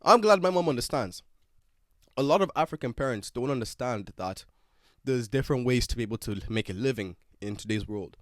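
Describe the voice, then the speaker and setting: A man's voice: mid-range voice, expressive, brisk, dry recording, studio quality. A young man in his twenties with an Irish accent, hosting a podcast in a rambling, slangy way. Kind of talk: casual chat.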